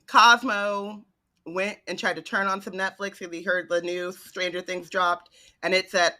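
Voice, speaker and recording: A woman's voice: lowish voice, level tone, unhurried, bright, forceful tone. A woman co-hosting a podcast, joking and laughing often in a casual book chat. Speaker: podcast co-host.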